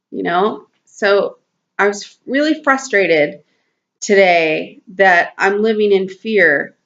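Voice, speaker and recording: A woman's voice: mid-range voice, fairly bright tone. A woman talking earnestly to camera in a personal spiritual vlog, rambling with lots of fillers and restarts, in a slightly lo-fi home video. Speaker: spiritual talk host.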